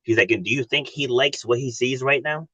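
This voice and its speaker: A male coach talks as a podcast guest in a bright, forceful voice at a mid pitch. He tells his stories earnestly and acts out the dialogue, recorded dry and close to the mic. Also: brisk, breathy edge, dry recording, highs cut off. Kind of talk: casual interview chat.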